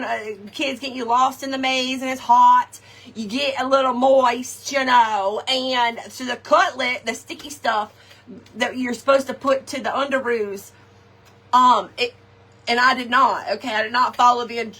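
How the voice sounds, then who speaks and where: Woman host, casual animated story to viewers; bright, slightly breathy tone. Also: fairly high pitch. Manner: chatty, animated, keeps saying "okay" and "y'all". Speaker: craft shop host.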